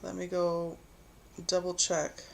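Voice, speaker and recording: A woman's voice: fairly low pitch, completely flat delivery, slow pace, gravelly, darkish tone, slight background noise. A woman hosting a casual sewing livestream from home, chatting and reading viewer comments while she stitches. She is easily distracted and laughs at herself. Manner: reads viewer comments aloud. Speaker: quilting livestream host.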